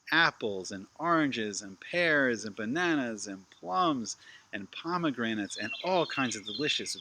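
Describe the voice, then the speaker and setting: A man narrating a children's story with animated, playful asides to his listeners. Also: medium pitch, noisy background.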